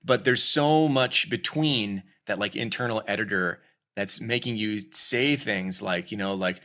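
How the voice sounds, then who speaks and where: Man, bright forceful tone, lowish pitch, animated casual interview talk. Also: a little slow. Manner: animated, acts out quoted voices. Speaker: voice actor guest; acting coach.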